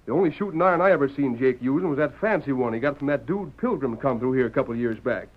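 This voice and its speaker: An actor playing an eager frontier deputy with a western drawl, heard on a thin, tinny old radio broadcast. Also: male voice, mid-range voice, expressive, quick pace, close to an everyday voice. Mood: urgent. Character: young male deputy, eager and excitable.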